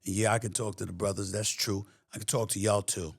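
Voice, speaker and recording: A man's voice: on the low side, steady tone, fairly quick, creaky, husky, dry recording, studio quality. A middle-aged man with a New York accent, a guest talking in an emphatic, streetwise way in a casual interview. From New York City.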